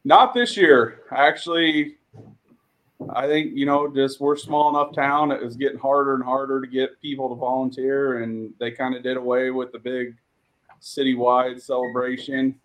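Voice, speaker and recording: A man who is a guest on a podcast, organizing a local tractor pull, chatting casually and telling stories in a relaxed way. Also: mid-range voice, low-quality recording. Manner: storytelling, relaxed, animated when telling stories. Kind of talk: casual chat.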